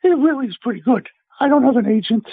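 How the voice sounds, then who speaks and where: On a dry, tinny phone connection, a high-voiced celebrity chef from the United States tells brash, blunt, animated stories as a casual interview guest. He's a fast talker whose slightly rough voice has some vocal fry.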